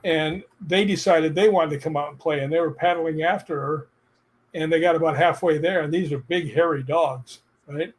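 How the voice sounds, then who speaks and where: A man telling personal stories in a casual chat, animated and laughing as he goes. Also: fairly high pitch, normal speed.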